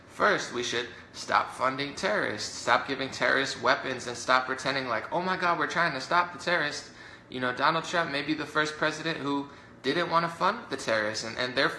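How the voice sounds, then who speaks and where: A man delivering a heated, indignant political rant to camera, talking fast with many fillers and mocking his opponents. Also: mid-range voice, gravelly, sharp tone, a little hiss or hum. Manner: rapid, indignant, mocks opponents in put-on voices. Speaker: political commentator. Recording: roomy echo.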